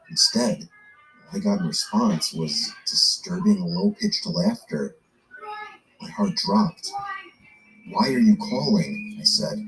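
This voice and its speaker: A man narrating a first-person scary story in a low, steady storytelling delivery. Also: creaky, rough recording.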